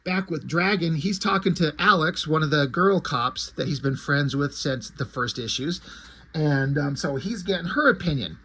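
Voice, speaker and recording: A man's voice: on the high side, lively intonation, moderate pace, bright, forceful tone, slightly rough. A man casually recapping a comic book issue in a loose, chatty way with plenty of fillers.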